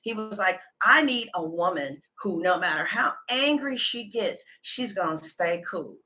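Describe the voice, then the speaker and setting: A woman, a tarot reader chatting casually to viewers and retelling a conversation in lively detail. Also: mid-range voice, measured pace. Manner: animated storytelling, retelling others' words.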